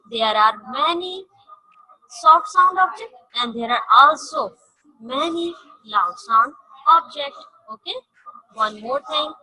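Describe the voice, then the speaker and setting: A woman teaching a science lesson to young children, repeating each point slowly and stressing key words, in English with non-native grammar. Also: high-pitched, sharp tone, breathy edge, rough recording. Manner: slow, repetitive, emphatic teaching.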